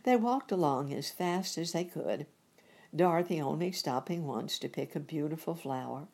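A woman reading a children's storybook aloud, gentle and unhurried. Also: low-pitched, breathy edge. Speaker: reader. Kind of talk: storybook narration.

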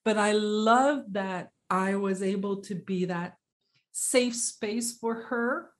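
A woman telling a personal story in conversation, earnest and reflective, pausing and restarting as she speaks. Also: medium pitch.

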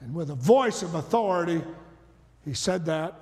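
A man preaching a dramatic storytelling sermon, swinging from loud to hushed. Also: on the high side, animated, normal speed. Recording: long reverb of a large hall.

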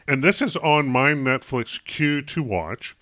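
Bright-voiced Chicago man rambling through reviews. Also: medium pitch, animated, no echo. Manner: rambling, halting with many fillers. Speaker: podcast co-host. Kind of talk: casual movie review chat.

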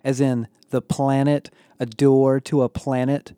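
A man's voice: mid-range voice, level tone, measured pace, mellow, clear, resonant tone, no echo, clean studio sound, close to an everyday voice. A man voicing an exasperated, sarcastic young woman who drawls her words.

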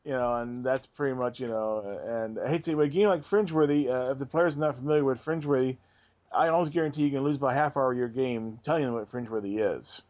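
A man hosting a casual podcast chat who talks in halting bursts and often restarts and repeats his words. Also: medium pitch, darkish tone, lo-fi sound. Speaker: podcast host and game master.

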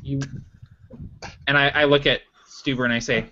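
A man playing a tabletop role-playing game, gruff and swearing when in character. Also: mid-range voice, little pitch movement, moderate pace, bright, forceful tone. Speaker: player. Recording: dull lo-fi sound.

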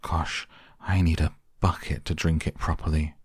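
A man's voice: a bass voice, flat delivery, moderate pace, breathy edge, dry recording, studio quality. A man voicing a greedy, gluttonous young boy in a storybook reading, with a careless manner.

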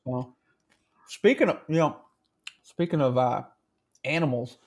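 This man co-hosts a podcast, laughing a lot and cursing freely through crude, casual banter. His mid-range voice is expressive and a little slow, captured on a handheld mic.

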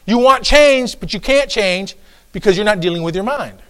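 A pastor preaching a sermon, emphatic and repetitive, folksy with joking asides, swinging from low asides to shouts. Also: male voice, expressive, moderate pace, clear, resonant tone.

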